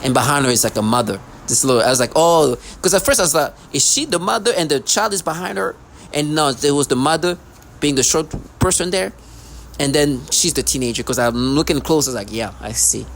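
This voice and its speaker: A man speaks straight to his camera in a long, agitated ramble. He loops back over the same points, breaks off mid-sentence and swears freely. His voice sits at an ordinary middle pitch, with a faint hiss of noise behind it. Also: a little fast. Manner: agitated, repetitive, profane, many restarts. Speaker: vlogger.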